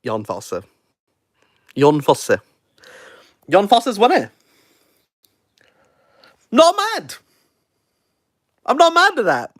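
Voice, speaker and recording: A Welsh man, a book reviewer, reacting live with excitable, jokey, self-mocking chat. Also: very high-pitched, very slow, long pauses, no echo, clean studio sound. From Wales.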